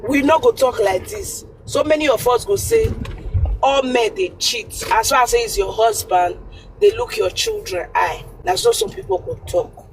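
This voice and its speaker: A woman's voice: high-pitched, big pitch swings, moderate pace, a little hiss or hum, low-quality recording. A woman caller with a Nigerian Pidgin accent giving earnest advice over the phone, repeating her points for emphasis. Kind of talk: call-in advice.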